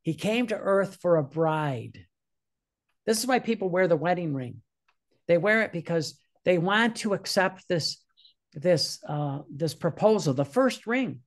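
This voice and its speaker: A man's voice: sits high, lively intonation, unhurried. An older man, a priest, giving a fervent sermon and reading quoted passages aloud with emphasis.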